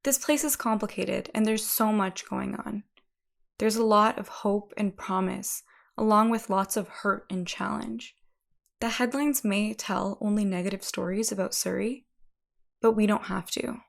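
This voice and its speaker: Gravelly-voiced woman narrating a documentary. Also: mid-range voice, fairly even intonation, unhurried.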